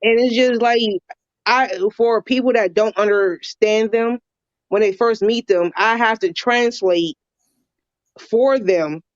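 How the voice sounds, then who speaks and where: A woman's voice: on the high side, slow, dry recording. A woman guest chatting on a livestream, rambling and laughing easily over a computer mic at home. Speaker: guest, viewer. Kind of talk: casual livestream chat. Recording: dull lo-fi call audio.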